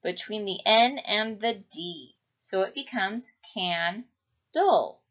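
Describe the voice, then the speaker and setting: A woman teaching a children's phonics lesson, speaking clearly and drawing out each syllable. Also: medium pitch, fairly bright tone. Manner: slow, clear, stretching out syllables. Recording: dull lo-fi recording.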